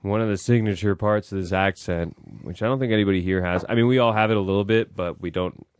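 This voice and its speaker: A man's voice: fairly low pitch, fast, clean tone, dry recording, studio quality. A man hosting a casual podcast chat, rambling and correcting himself as he goes. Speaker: podcast host.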